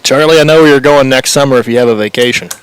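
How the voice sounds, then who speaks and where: A man working as color commentator on a baseball radio broadcast, adding short reactions and relaxed banter. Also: mid-range voice, quick pace, clear, resonant tone, no echo.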